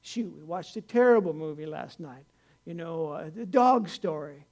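A man's voice: fairly high pitch, expressive, normal speed. An older man, a pastor, preaching a conversational sermon in a folksy, rambling way, with many restarts, rising to earnest emphasis.

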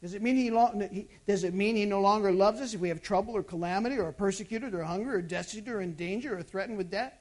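A pastor delivering a sermon, moving from loud emphatic bursts to hushed intimate asides and asking the congregation rhetorical questions. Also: medium pitch, fast, few pauses.

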